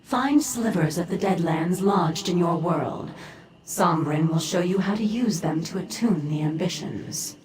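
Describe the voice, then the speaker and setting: A composed and scheming female Dremora, as an actress plays her, speaking with formal, measured gravity in a lowish voice. She sometimes drops into a hushed whisper. The sound rings with roomy echo, as in a video game. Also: a little hiss or hum, natural voice. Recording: echoey game audio.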